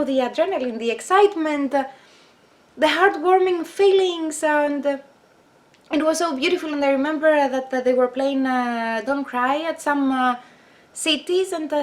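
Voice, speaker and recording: High-voiced excited woman vlogger. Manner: excited, halting, many fillers. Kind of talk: casual personal storytelling to camera.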